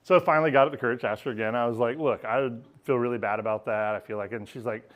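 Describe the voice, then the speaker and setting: A man's voice: mid-range voice, racing. Candid man telling a story on stage. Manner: candid, self-mocking, laughing through his story. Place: stage at a live storytelling event.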